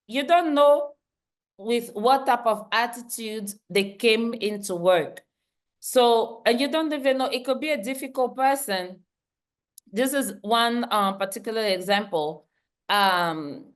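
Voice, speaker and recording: A woman leading a leadership workshop, talking emphatically, repeating her key points and laughing easily. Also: fairly high pitch. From Central Africa. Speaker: workshop trainer. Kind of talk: online leadership training talk.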